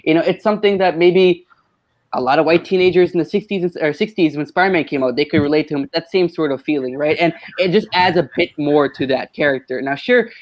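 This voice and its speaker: A man's voice: on the high side, fairly quick. A man on a live-stream panel speaking earnestly, often checking in with "right?" and "you know". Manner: earnest, keeps asking "right?". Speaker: panel guest. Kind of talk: casual live-stream debate.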